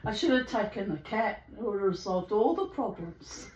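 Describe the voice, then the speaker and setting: A woman's voice: medium pitch, lively intonation, moderate pace, roomy sound, background noise. A woman vlogger telling stories casually from a room at home full of bird cages, laughing often and acting out the people in them. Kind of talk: casual storytelling.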